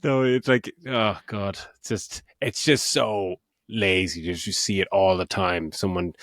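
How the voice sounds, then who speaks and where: A man's voice: deep voice, steady tone, unhurried, hardly any pauses, fairly bright tone, dry recording. Man, middle-aged, blunt and sweary, dry close mic. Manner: blunt, sweary, mocking scripts with put-on quotes. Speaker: podcast co-host. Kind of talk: casual film review chat.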